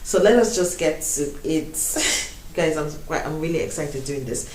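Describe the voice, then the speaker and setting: A woman's voice: low-pitched, animated, a little slow, slight background noise. A young Nigerian woman vlogging to camera in a chatty way, laughing often and slipping into Pidgin. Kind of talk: casual vlog talk to camera. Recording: roomy echo, a bit distant from the mic.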